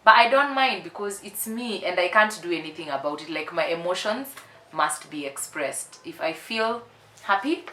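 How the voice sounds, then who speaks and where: A woman's voice: lowish voice, lively intonation, moderate pace, sharp tone, a little hiss or hum. A woman in her twenties talking candidly and emphatically in a casual confessional vlog, repeating herself for effect. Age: 20s. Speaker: vlogger. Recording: roomy echo.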